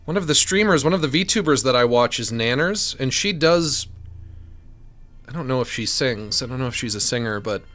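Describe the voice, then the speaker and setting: A man chatting on a gaming stream, rambling in a goofy, animated way at a desk microphone. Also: mid-range voice, normal speed. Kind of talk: casual gaming stream chat.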